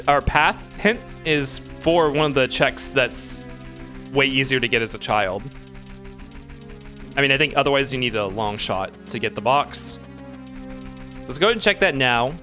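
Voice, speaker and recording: A man casually commenting on his own gameplay as a streamer, excitable and talking to himself as he plays. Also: medium pitch. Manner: excitable, talks to himself while playing.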